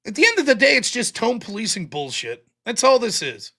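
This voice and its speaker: A man's voice: extremely high pitch, huge pitch swings, a little fast, bright, forceful tone. A man hosting a livestream commentary show, talking bluntly and swearing freely. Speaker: host.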